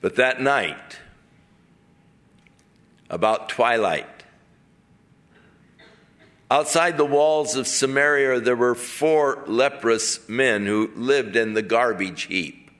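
A man's voice: medium pitch, takes it slowly, pauses often, fairly bright tone. A man preaching a sermon, retelling a story and acting out the characters in it.

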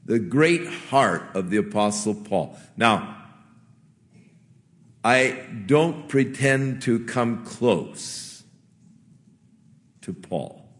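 A man preaching a sermon as a pastor, in a gentle, conversational way with earnest pauses. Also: medium pitch, sing-song, long reverb tail.

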